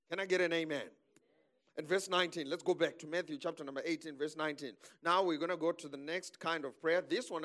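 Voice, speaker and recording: A man preaching a sermon, animated, calling the congregation for amens and laughing between points. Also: fairly high pitch.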